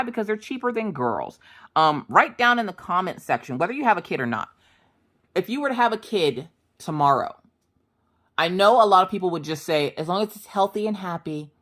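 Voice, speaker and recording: A woman in her thirties chatting casually to her viewers, telling stories with jokes and quick asides. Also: lowish voice. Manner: chatty, jokey, animated storytelling. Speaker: crafting vlogger. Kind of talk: casual storytelling chat.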